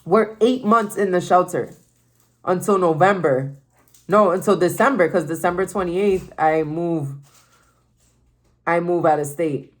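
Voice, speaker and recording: A woman's voice: on the low side, measured pace, pauses often. A young woman sharing a personal faith testimony in a casual, emphatic way, repeating phrases and saying "like" often.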